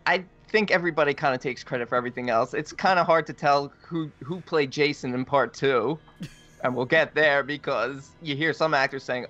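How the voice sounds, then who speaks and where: A man's voice: mid-range voice, fairly quick, a bit bright, muffled recording, faint music behind. A man co-hosting a podcast in casual chat, wry and teasing, laughing easily. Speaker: podcast co-host.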